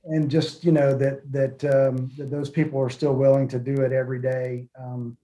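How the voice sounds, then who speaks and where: A middle-aged man talks in an earnest, measured way, pausing on fillers and restarting his sentences. His voice is mellow and relaxed, sitting at an ordinary pitch for a man. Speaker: podcast guest, former military pilot. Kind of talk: reflective interview talk.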